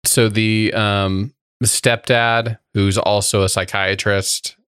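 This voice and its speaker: A man's voice: fairly low pitch, level tone, slow pace, a bit bright, smooth, dry recording, clean studio sound. A man co-hosting a casual film review podcast, wry and jumping between topics, laughing mid-sentence. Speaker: podcast co-host.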